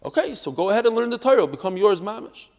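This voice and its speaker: In a large hall, a man with a high-pitched voice and a fast delivery teaches a daily Talmud class to a live group. He's animated and emphatic, tells stories, and sprinkles Hebrew and Yiddish terms through his English.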